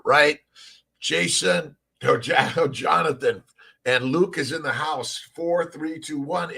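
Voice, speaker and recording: A middle-aged man with a gravelly edge hosts a casual morning livestream. He rambles cheerfully and greets his viewers one by one, and his voice sits at a middle pitch. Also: fairly bright tone. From Southern California. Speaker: livestream host.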